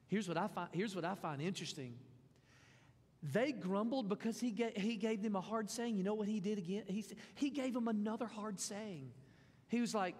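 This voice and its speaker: A man preaches in a folksy, animated way, breaking into little acted asides. His voice sits very high for a man. The sound carries a long reverb from a church hall. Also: moderate pace. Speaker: pastor. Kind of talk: sermon. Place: church sanctuary.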